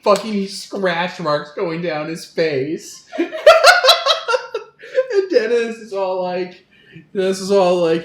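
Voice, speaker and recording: Animated, swearing game master. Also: male voice, high voice, takes it slowly, long pauses. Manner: animated storyteller, swears freely. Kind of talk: casual table chat between game sessions. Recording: echoey room, faint ambient hiss.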